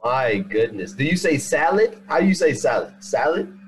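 A man's voice: mid-range voice, sing-song, moderate pace, a little hiss or hum, low-quality recording. A man hosting a casual chat, teasing and quizzing a guest in a playful way. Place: in Texas.

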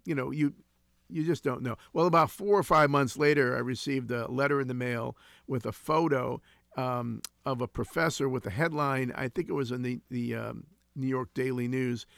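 A man's voice: mid-range voice, gravelly, fairly bright tone, dry recording, studio quality. A man in his sixties, a ministry founder, telling stories in an earnest, reflective way during an interview. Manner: earnest, reflective, with frequent restarts. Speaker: guest, founder of a homeless ministry. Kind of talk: conversational interview storytelling.

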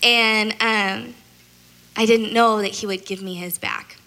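A woman's voice: mid-range voice, steady tone, slow, poor audio. A woman giving a casual devotional talk about her faith, chatty and rambling, with lots of "like" and "you know". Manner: processes out loud, talks a lot. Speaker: speaker sharing a faith testimony.

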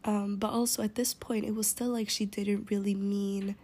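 Young woman venting about a friend, mellow voice, drops into whispers, lots of "like". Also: medium pitch, flat delivery, normal speed, husky. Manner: rambling, swears, many "like" fillers. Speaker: storyteller. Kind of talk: casual storytime, partly whispered.

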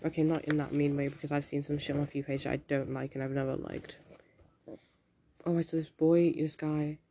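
A man's voice: fairly high pitch, little pitch movement, fairly quick, creaky, warm tone, a little hiss or hum. A teenage boy, rambling through a casual solo monologue, swearing often and joking at his own expense. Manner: rambling, sweary, self-deprecating, jumps between topics. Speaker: solo podcaster.

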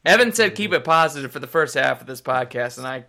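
A man's voice: medium pitch, fairly even intonation, quick pace, gravelly, bright, forceful tone. A man co-hosting a sports podcast, talking casually and rambling off topic with the odd swear. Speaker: podcast co-host.

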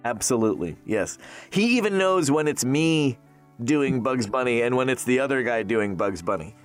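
A man in his thirties who works as a voice actor, chatting casually in an interview, animated and jokey, laughing often. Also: mid-range voice, normal speed, clean tone, soft background music.

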